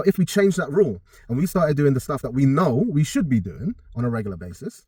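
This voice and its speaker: Blunt, cursing trainer. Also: male voice, medium pitch, a little mellow, no room sound. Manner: blunt and profane, talks straight to viewers. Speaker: personal trainer. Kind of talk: casual direct-to-camera advice.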